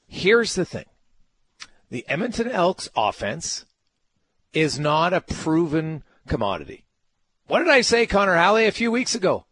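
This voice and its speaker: A man's voice: a little high, big pitch swings, unhurried, pauses often, fairly bright tone, husky. A man hosting a sports talk radio show, emphatic and ranting, firing off rhetorical questions.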